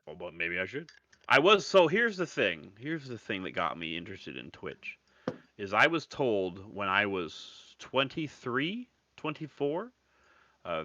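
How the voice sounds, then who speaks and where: A man chatting casually on a stream from his craft room, animated and jokey, swearing freely. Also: fairly low pitch, no room sound, dull audio. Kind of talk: casual chat.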